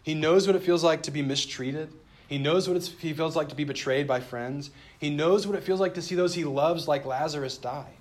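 A man preaching a sermon in an earnest, measured way, slowing down and dropping softly for emphasis and reading scripture aloud with heightened feeling. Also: on the high side. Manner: earnest, measured preaching with dramatic slowdowns and soft drops. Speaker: pastor.

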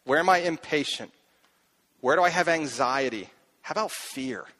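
A middle-aged man delivers a sermon from the pulpit in an earnest, searching way. His voice sits slightly higher than most men's, and he circles back to repeat his key lines as he questions himself aloud. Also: normal speed, fairly bright tone. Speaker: pastor.

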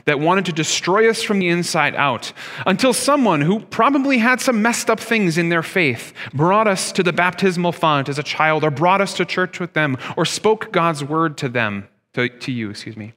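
Pastor, man in his thirties, bright and slightly high voice, conversational sermon with rhetorical questions, long church reverb. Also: animated, moderate pace.

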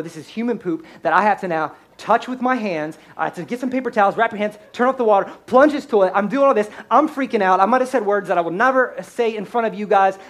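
A man who is a pastor, telling a comedic story in a sermon in a high-strung, animated way.

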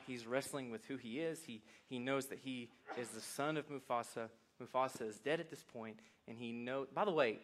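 Male pastor, folksy, animated sermon delivery. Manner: animated, swings from soft reflective lows to loud excited highs; folksy, addresses congregation as y'all. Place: church sanctuary.

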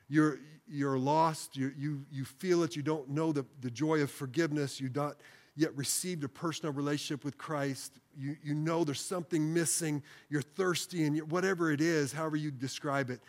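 A man preaching as pastor in a church service, leading the congregation through spoken phrases and ending in an earnest, pleading prayer. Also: fairly high pitch. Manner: slows to repeat phrases with congregation. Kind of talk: sermon closing with prayer. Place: church sanctuary, broadcast service.

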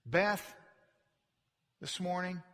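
A man preaching a sermon, emphatic, rising from quiet reflection to loud declarations. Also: sits high, extremely slow. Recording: long reverb from a large hall.

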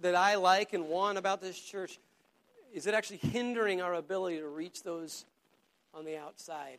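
A man's voice: high voice, a bit bright. A pastor preaching a sermon to his church in an earnest, conversational way, often repeating words as he goes.

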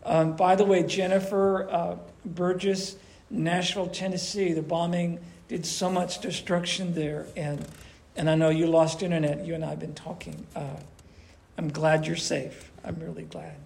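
A man preaching a conversational sermon to his church, animated and acting out little voices as he talks. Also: fairly high pitch, normal speed, creaky. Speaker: pastor.

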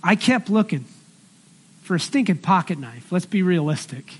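A middle-aged male pastor with a notably high voice preaches in an earnest, conversational way. He moves between scripture and homely personal stories, speaking directly to his congregation. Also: animated, moderate pace, slightly rough. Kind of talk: sermon.

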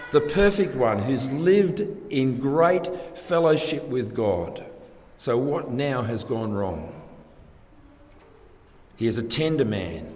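Slow-paced preacher in an echoing hall. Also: male voice, a little high, a little mellow. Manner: slow, deliberate preaching with rhetorical questions. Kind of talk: sermon. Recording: echoey hall with long reverb.

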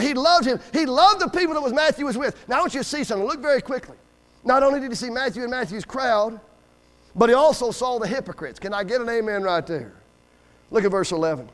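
High-pitched guy preaching in church, story after story with acted quotes, asks for amens. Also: expressive, quick pace. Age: middle-aged. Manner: storytelling with acted quotes, rising to emphatic calls for amen. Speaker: guest preacher. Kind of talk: sermon. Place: church service.

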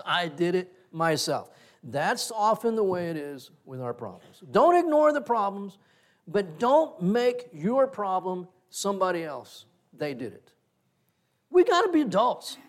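A middle-aged man preaching a sermon, telling personal stories in an animated way and acting out the conversations in them. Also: high-pitched, a little slow. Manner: animated storyteller, acts out quoted exchanges with laughter. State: breathes through one side of nose. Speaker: pastor.

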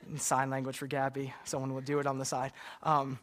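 A man's voice: mid-range voice, completely flat delivery, a little fast, few pauses, a bit bright. A man preaching a sermon and leading a closing prayer, earnest and direct, often checking in with "right?". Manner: earnest, repeats "God" and "Lord" in prayer; asks "right?" of the listeners.

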